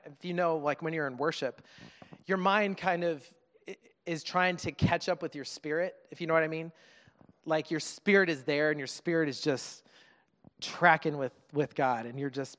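A man in his thirties preaching a sermon to a congregation, earnest and conversational, halting often to restart his thought. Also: on the high side, fairly bright tone. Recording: long reverb of a large hall.

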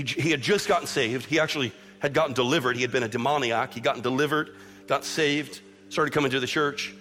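Impassioned middle-aged preacher, echoing church. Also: male voice, medium pitch, fairly bright tone, slight background noise. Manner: impassioned, building, repetitive appeals. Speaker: pastor. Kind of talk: sermon. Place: church sanctuary. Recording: long church reverb with music behind.

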